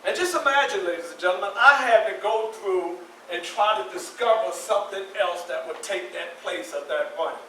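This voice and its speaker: A high-voiced, bright older man in his sixties tells a personal story live to an audience, acting out the scenes as he goes. He sounds like he is in an echoey room, caught by a distant mic with faint ambience behind him. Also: normal speed, hardly any pauses, slight background noise. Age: 60s. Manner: animated, acts out scenes with voices and shouts. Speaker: featured storyteller. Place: community center hall.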